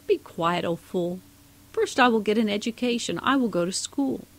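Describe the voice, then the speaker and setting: A woman's voice: medium pitch, lively intonation, moderate pace. A woman voicing a small, bold hillbilly girl who answers back defiantly.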